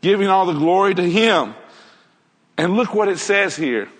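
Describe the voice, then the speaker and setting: A man with a high-pitched voice preaches an earnest sermon to his congregation. He keeps asking his listeners rhetorical questions. His voice rings out with a long reverb, as if he were in a large church hall. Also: expressive, moderate pace.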